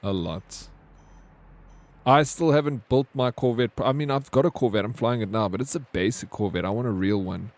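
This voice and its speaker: A man's voice: mid-range voice, moderate pace. A young man streaming a game, chatting casually and talking straight to his viewers by name. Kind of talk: casual live-stream chat.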